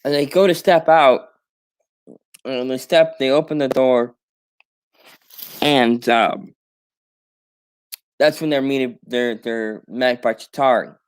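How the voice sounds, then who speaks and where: A man talks through his own story idea in a loose, unscripted way. He stumbles, restarts and fills gaps with ums as he goes. His voice sits at an ordinary middle pitch. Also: clear, resonant tone. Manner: halting, many fillers and restarts. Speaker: podcast host pitching a fan script. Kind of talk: casual rambling story pitch.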